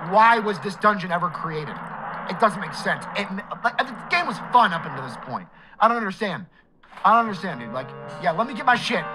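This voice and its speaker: A young man streaming a game live, talking in a loud, profane, easily enraged way. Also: high voice, very animated, a little fast, over music.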